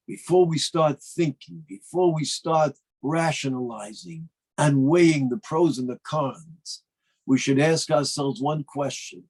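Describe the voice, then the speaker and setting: A rabbi delivers a sermon with emphatic, fervent conviction. His voice is husky and sits slightly high for a man. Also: a little mellow, poor audio. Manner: emphatic, rising to fervent declarations.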